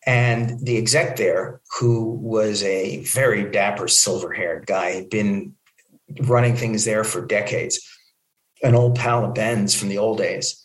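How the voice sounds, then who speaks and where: A man telling a long anecdote in an interview and acting out the people in it with lively quoted voices. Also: on the low side, a little slow, reverberant, rough recording. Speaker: guest, film producer. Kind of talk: storytelling in an interview.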